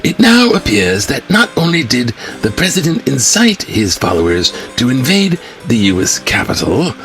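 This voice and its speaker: A man's voice: mid-range voice, fairly bright tone. A man hosting a spoof news show, reading newspaper letters aloud and breaking in with wry, mocking asides. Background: music.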